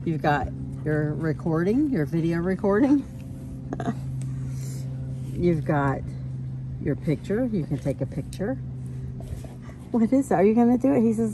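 A woman in her thirties filming her dogs at home, animated and laughing often as she coaches children. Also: lowish voice, takes it slowly, long pauses. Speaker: dog owner filming her pets. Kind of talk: casual home video narration. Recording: noisy home video recording.

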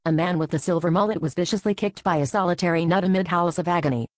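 A woman narrating a satirical fairy tale in a deadpan scripted style. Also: lowish voice, quick pace, no echo, low-quality recording. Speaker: storyteller.

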